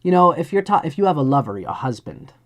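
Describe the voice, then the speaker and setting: A man's voice: on the high side, very animated, fast talker, fairly bright tone. A man giving a live astrology chart reading, speaking earnestly and directly to the person he reads for. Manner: earnest, speaks straight to the listener, acts out little scenes.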